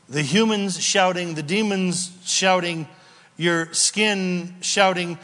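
A male pastor preaching a sermon, emphatic, full of rhetorical questions, sometimes shouting. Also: high-pitched, big-room sound.

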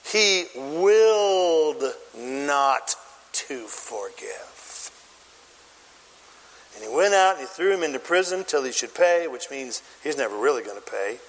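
A man preaching a sermon, telling the story in an animated way and acting out scenes. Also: medium pitch, quick pace, hardly any pauses, in a large hall, low-quality recording.

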